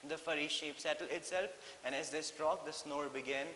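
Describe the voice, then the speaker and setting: A male English teacher with an Indian English accent talks through a story in an animated, repetitive way, slipping into Hindi now and then. His slightly high voice sits in an echoey room with long reverb and a faint hiss. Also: normal speed. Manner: animated, mixes in Hindi, many fillers and repeats. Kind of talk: classroom lesson explaining a story.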